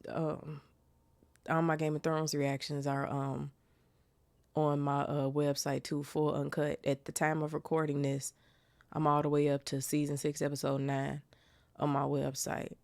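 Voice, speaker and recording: A woman's voice: low-pitched, completely flat delivery, unhurried, a little mellow, no echo. A woman hosting a casual book reaction podcast, chatting in slang and reading the chapter aloud. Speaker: podcast host.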